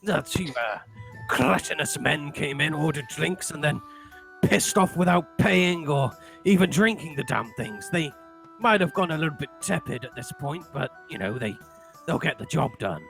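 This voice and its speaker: A man's voice: a little high, animated, moderate pace, vocal fry, fairly bright tone, faint music behind, pitched above the performer's own voice. A man doing a chatty old barkeeper. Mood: friendly. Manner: rambling, folksy, hesitant. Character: old mustached male barkeeper, friendly and chatty.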